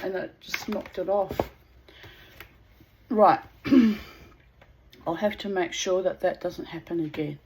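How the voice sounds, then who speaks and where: Slow-talking woman reading at home. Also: on the low side, a little mellow, echoey room, a little hiss or hum, rough recording. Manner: frank and earthy, swears freely. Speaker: channel host reading aloud. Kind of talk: casual reading aloud at home. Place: home with pet birds.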